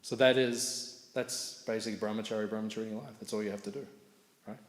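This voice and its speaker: A middle-aged man leads a morning scripture class with a fairly low voice. He tells stories in a loose, chatty way and laughs at his own anecdotes. The sound is roomy, with a long hall reverb and faint room noise behind him. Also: steady tone, quick pace. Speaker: class speaker.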